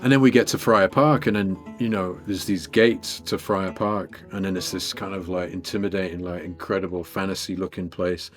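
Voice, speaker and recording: An English man in his fifties, a guest guitarist telling stories in an interview in a chatty, animated way, full of "you know" and "like". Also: deep voice, moderate pace, few pauses, soft background music. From England. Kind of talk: casual storytelling in an interview.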